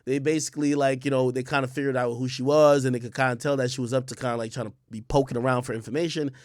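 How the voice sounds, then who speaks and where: A man's voice: medium pitch, fairly even intonation, racing, no room sound, studio quality. A man hosting a casual commentary livestream, talking bluntly and emphatically, with plenty of swearing and repetition. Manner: blunt, profane, emphatic, repeats himself. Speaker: livestream host.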